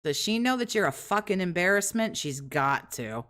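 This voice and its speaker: A woman hosts a reaction commentary, talking over a streamer's clips with open mockery. Her voice sits fairly low, and her tone stays sarcastic and profane. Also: animated, moderate pace, fairly bright tone. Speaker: commentary host.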